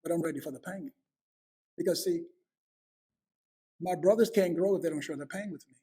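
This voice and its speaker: A man's voice: on the high side, a little fast, mellow, husky. A man in his fifties hosting a heartfelt family conversation, earnest, often repeating words as he starts a thought. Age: 50s. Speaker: host.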